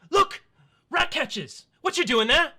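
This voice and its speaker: A game master doing a squeaky elven kid. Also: animated, sharp tone, exaggerated voice. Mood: nosy. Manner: shrill, nosy, rapid-fire questions. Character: small excitable elven children, boy.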